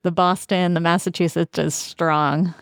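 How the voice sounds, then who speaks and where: A woman with a smooth, clear voice that sits slightly low co-hosts a casual podcast. She teases her partner and thinks out loud. The sound is dry and close. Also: little pitch movement, no echo. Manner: quick replies, playful teasing, thinks aloud. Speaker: podcast co-host. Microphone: studio microphone, on camera.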